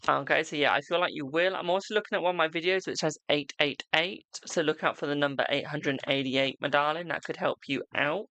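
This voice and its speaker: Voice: medium pitch, brisk, few pauses, sharp tone, no echo. A tarot reader chatting on a live stream at home, reading cards for viewers and calling them "my darling" between frequent laughs. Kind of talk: casual live-stream chat and card reading.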